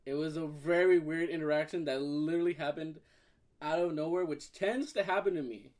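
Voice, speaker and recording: A young man with a slightly high voice telling a story in casual chat. He is animated and swears freely. He drops into other people's voices as he goes. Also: brisk.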